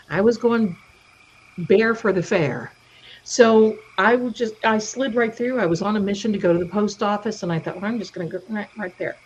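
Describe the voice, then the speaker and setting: A middle-aged livestream host speaks in a husky, mid-range voice as she chats casually and tells stories, acting out the voices of those she quotes. The stream audio is lo-fi and dull.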